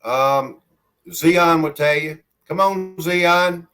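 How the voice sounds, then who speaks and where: Speaking very slowly in a fairly high, pushed, bright voice that rings clear and resonant, a Southern country man hosts a casual livestream from home on a handheld phone. He rambles in a friendly way, reads viewer comments aloud, and calls himself by his nickname in the third person.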